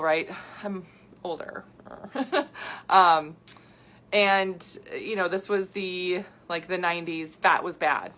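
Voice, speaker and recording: A woman in her thirties, a health coach hosting a casual live video, talking to viewers in an animated, chatty way and reacting excitedly to their comments. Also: mid-range voice. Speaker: health coach and podcast host.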